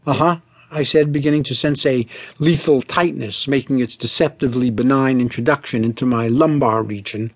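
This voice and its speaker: A man narrating his own humorous story in a wry, dry manner, giving the ornate, wordy prose a deadpan reading. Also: mid-range voice, fairly quick. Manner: flustered, stammering when he speaks as himself.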